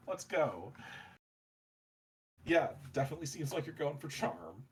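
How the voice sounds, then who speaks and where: A man running a tabletop role-playing game as game master, explaining rules in a relaxed way and laughing easily. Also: on the high side, measured pace, long pauses.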